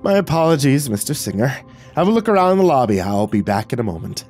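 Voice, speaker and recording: A man's voice: medium pitch, sing-song, quick pace, a little mellow, soft background music, pitched above the performer's own voice. A man voicing an impatient, fussy male museum curator who speaks in a curt, clipped, irritable way.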